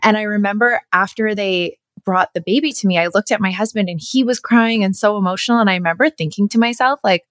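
Woman podcast host, mid pitch, engaged and empathetic, dry close mic. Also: fast talker, few pauses, a bit bright, no echo. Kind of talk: casual conversation.

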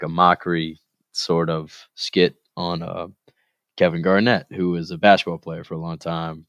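A man's voice: low-pitched, no room sound. A man hosting a solo podcast, rambling casually and earnestly, with lots of fillers, urging listeners to keep going. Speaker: podcast host.

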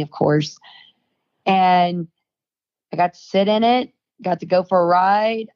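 A woman's voice: fairly low pitch, a little mellow. A young adult woman, a podcast guest, telling a story in casual chat and acting out the quoted dialogue. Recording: dull, lo-fi dry sound.

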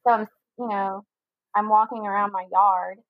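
A young woman, speaking as an interview guest, tells a personal story in a candid, rambling way, dropping "like" into nearly every sentence. Her voice is medium-pitched with a steady tone and moderate pace. The recording is dry and narrow, almost like a phone line.

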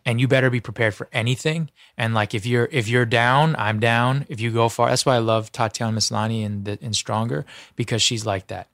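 A man's voice: medium pitch, fairly even intonation, a little fast, hardly any pauses, fairly bright tone, no room sound, studio quality. Earnest man, heartfelt actor talk. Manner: earnest, heartfelt, full of restarts and "you know". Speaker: actor guest. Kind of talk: casual interview talk.

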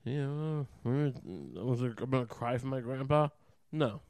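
A man's voice: mid-range voice, animated, unhurried, vocal fry, darkish tone, dry recording. A man ranting alone as a podcast host, rambling and swearing often, heating up as he goes. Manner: profane, rambling, heated. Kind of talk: rambling solo rant.

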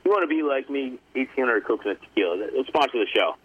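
A man's voice: mid-range voice, lively intonation, quick pace, husky. A man calling in to a sports radio show, chatting in a laid-back, agreeable way. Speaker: caller. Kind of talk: casual sports radio banter. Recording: dull lo-fi phone line.

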